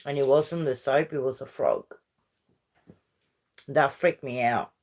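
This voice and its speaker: Hosting a relaxed livestream chat, a middle-aged woman from Uruguay talks unhurriedly in a rumbling low voice. Rambling and chatty, she wanders from story to story and drifts easily between English and her Spanish.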